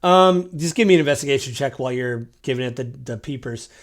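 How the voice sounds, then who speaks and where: A man's voice: medium pitch, quick pace. A man running a tabletop game as game master, narrating loosely with lots of fillers. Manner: loose, rambling, full of fillers.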